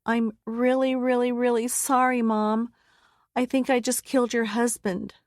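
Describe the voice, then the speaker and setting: Woman performing a frightened young woman, crying, pleading, higher-pitched, dry studio. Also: little pitch movement, measured pace, darkish tone, no echo, lightly acted. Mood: distraught. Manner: pleading, breathless urgency. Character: terrified young woman in her twenties, shaken and crying. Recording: dry close studio sound.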